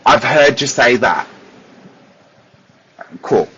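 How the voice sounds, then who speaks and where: An Australian man, a psychic medium, chatting casually with viewers on a livestream from his desk, animated and laughing often. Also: medium pitch, extremely slow, slightly rough. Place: at a desk at home. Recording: dull lo-fi livestream audio.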